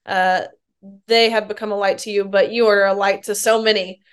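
A woman hosts an interview with a smooth, clear voice at an ordinary pitch. She responds warmly and affirmingly to her guest, pausing on small hesitations as she gathers her thoughts. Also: level tone. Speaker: interview host. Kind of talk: casual interview talk.

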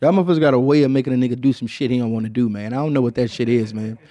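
A man's voice: mid-range voice, steady tone, rapid-fire, dark tone, no echo. A man from Detroit hosting a podcast in casual chat, rambling and slangy and swearing often, with "man" at the end of many lines. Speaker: podcast host.

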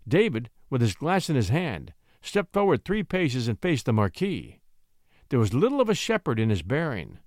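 A man narrating a classic short story in an expressive, theatrical reading. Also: mid-range voice, moderate pace, dry recording, clean studio sound. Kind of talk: dramatic audiobook reading.

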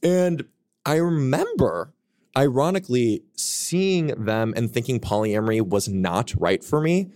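A man's voice: mid-range voice, expressive, measured pace, darkish tone, dry recording, studio quality. Candid, profane male podcast guest. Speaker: guest author. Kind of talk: casual podcast chat.

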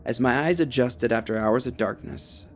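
A young man narrating a first-person horror story in a steady, tense telling. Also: mid-range voice, normal speed, slight background noise. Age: young adult.

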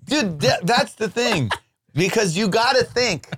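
A man's voice: high-pitched, animated, unhurried, fairly bright tone, husky, dry recording, studio quality. A man co-hosting a podcast, telling a rambling comic story with swearing and playful put-on voices. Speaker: podcast co-host. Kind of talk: casual comedic podcast chat.

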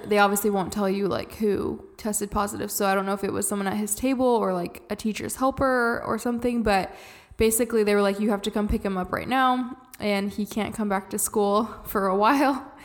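A woman's voice: mid-range voice, fairly quick. A woman in her thirties co-hosting a casual podcast, telling stories with lots of laughter and acting out the phone calls. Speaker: podcast co-host. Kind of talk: casual chat, storytelling.

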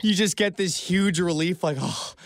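A man's voice: medium pitch, expressive, moderate pace, dry recording. A young man co-hosting a radio show, rambling in an easygoing way and laughing often. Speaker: radio co-host. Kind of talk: casual radio chat. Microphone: studio microphone.

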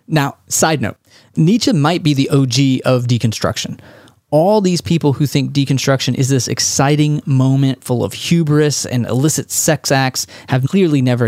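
Brief: conversational man from Texas, mid-pitched, podcast monologue. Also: a little mellow, dry recording, clean studio sound. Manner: conversational, wry. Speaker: podcast host.

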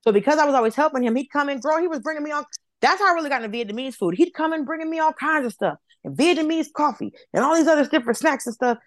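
Profane animated woman from Atlanta. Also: high-pitched, racing, dry recording. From Atlanta, United States. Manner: animated, profane, acts out voices of others. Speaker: comedian guest. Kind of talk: casual storytelling.

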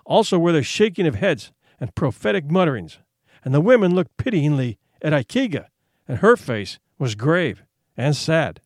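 A man reading a tale aloud with expressive storytelling. His voice is on the higher side and moves a lot in pitch. The recording is dry, with no room sound. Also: moderate pace, no room sound. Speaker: narrator. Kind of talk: audiobook narration.

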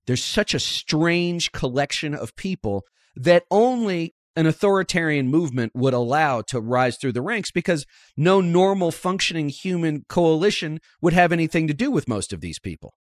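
A man's voice: on the high side, expressive, normal speed, no echo, studio quality. A man hosting a podcast, chatting wryly about politics and slipping in quoted asides. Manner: conversational, wry, quotes people in asides. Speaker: podcast host. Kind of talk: casual political chat.

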